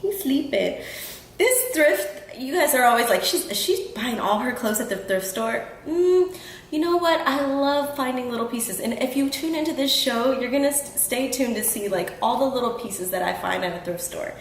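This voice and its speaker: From a home room in Houston, a woman with a high, expressive voice hosts her show, talking to listeners at normal speed in an earnest, casual manner. She often restarts and says um. The rough recording has an echoey room and slight background noise.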